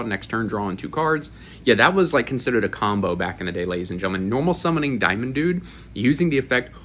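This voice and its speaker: A man's voice: on the low side, a bit bright, a little hiss or hum. A man in his twenties from Florida, telling rambling, profane stories in a casual chat. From Florida, USA. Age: 20s. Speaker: YouTuber. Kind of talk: casual storytelling to camera.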